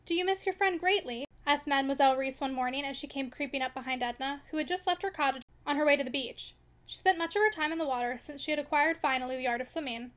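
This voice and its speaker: High-voiced, quick woman reading a classic novel. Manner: expressive, measured reading. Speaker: audiobook reader. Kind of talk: scripted narration of a classic novel.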